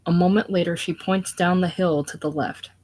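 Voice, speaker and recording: A woman reading the stage directions of a play aloud, steady with small slips. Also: lowish voice, normal speed, rough recording. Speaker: reader.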